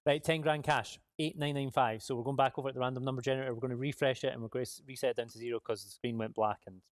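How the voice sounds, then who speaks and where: A man's voice: medium pitch, fairly even intonation, racing, no room sound, clean studio sound. A man hosting a live prize draw, chatty, upbeat and jokey. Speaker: giveaway live draw host. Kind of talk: casual live-stream chat.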